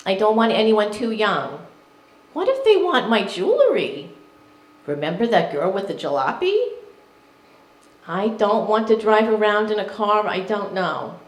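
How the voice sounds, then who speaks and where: A woman's voice: mid-range voice, big pitch swings, a little slow, pitched above the performer's own voice. A woman voicing her elderly mother, a fussy, worried Jewish mother with a New York accent who nags and gives orders. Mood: nagging. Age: older. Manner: nagging, worried, bossy. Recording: echoey room, live crowd.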